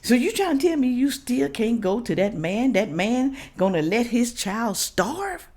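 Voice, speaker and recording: A woman from Memphis, hosting a reaction video and giving blunt, animated commentary to her viewers. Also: fairly high pitch, unhurried. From Memphis, Tennessee. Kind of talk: casual commentary.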